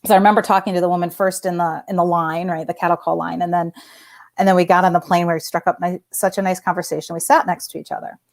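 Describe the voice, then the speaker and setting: Animated woman telling a story. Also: fairly low pitch, fast. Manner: animated, frequent fillers and restarts. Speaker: guest, former executive. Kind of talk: casual storytelling in conversation.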